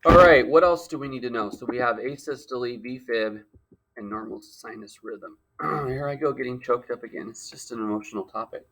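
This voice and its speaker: Guy teaching a lecture, jokey asides, pretty bright sharp tone. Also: medium pitch, moderate pace. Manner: playful, joking asides.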